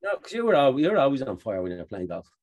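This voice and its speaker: A man's voice: mid-range voice, huge pitch swings, fast talker, a little mellow. A man co-hosting a podcast, chatting casually and telling stories with frequent laughs. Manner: chatty storyteller who laughs often. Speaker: podcast co-host. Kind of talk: casual chat.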